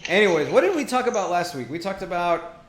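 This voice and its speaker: A man's voice: high-pitched, big pitch swings, fast talker, echoey room, over a noisy crowd. A man co-hosting a live stream podcast, joking and rambling with a teasing manner. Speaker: podcast co-host. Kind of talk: casual chat.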